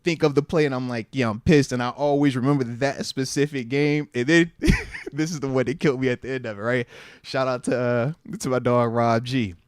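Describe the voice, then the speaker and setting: A man's voice: medium pitch, steady tone, brisk, clear, resonant tone, dry recording, clean studio sound. A man in his thirties, a podcast host and former pro football player, telling a story in casual slangy talk with lots of laughter. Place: podcast studio.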